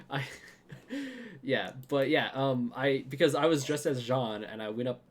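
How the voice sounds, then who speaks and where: A man's voice: mid-range voice, very animated, slow pace. A man hosting a podcast in casual chat, telling stories and laughing often. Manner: chatty storyteller, laughs often. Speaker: podcast host.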